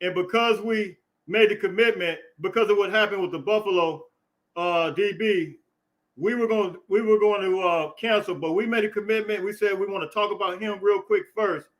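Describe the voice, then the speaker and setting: An American man hosting a casual sports podcast, loud and hyped, shouting greetings and laughing with viewers. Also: sits high, moderate pace, rough recording. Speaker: podcast host.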